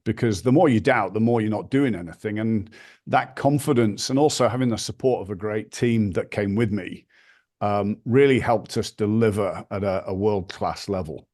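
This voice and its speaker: A man from the north of England with a northern English accent, a podcast guest telling lively anecdotes and swearing casually. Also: on the low side, moderate pace. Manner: animated anecdotes, acts out quoted voices, swears casually. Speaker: podcast guest, brand founder. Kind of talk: storytelling interview.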